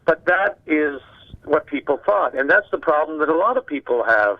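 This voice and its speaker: An older man from Canada, a guest sportscaster, chatting casually and telling animated anecdotes with acted-out dialogue. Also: fairly high pitch, normal speed, phone-quality sound. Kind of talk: casual conversation, storytelling.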